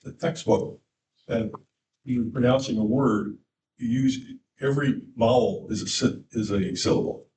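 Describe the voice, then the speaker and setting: A man's voice: unhurried, echoey room. A man in a class asking the teacher a question, a bit hesitant. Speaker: student. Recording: distant classroom voice with faint rumble.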